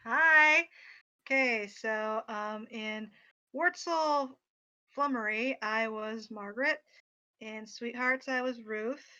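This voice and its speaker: Giggly self-deprecating woman, bright highish voice, post-show chat. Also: slow, dull audio. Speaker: cast member. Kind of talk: casual chat.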